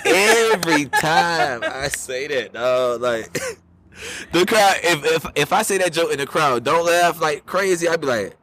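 A man's voice: fairly high pitch, measured pace. A man, a comedian guest, telling stories in casual podcast chat, acting out the people in them. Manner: animated storytelling with quoted voices.

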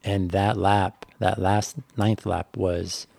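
A man's voice: deep voice, level tone, slow pace, gravelly, darkish tone, dry recording. A man, a bike racer, telling a personal story on a podcast in a candid, reflective way with lots of fillers. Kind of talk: casual podcast conversation.

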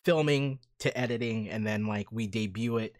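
A man's voice: lowish voice, normal speed. A man in his thirties reminiscing in casual chat, enthusiastic and fond, calling his friend dude.

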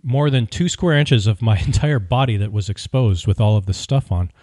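A man hosts a podcast and tells a story in an opinionated, wry, animated way. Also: lowish voice, moderate pace, no room sound, studio quality. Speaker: podcast host. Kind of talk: casual storytelling.

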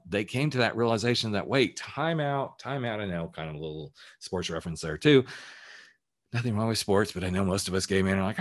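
A man who works as a life coach, giving a candid, emphatic motivational talk on his podcast and swearing casually as he goes. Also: lowish voice.

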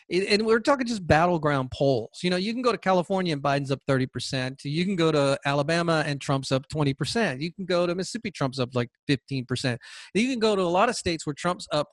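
Man, podcast host, sarcastic rant, a bit high-pitched, dry close sound. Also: fairly quick, no echo. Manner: combative, sarcastic, taunts imagined listeners. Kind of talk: political commentary monologue.

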